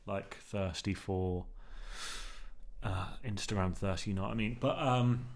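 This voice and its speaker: Male vlogger with a lowish voice, casual and rambling, heavy on fillers and "man". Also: unhurried. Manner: meandering, filler-heavy, keeps saying "man". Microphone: newly bought mic, under test.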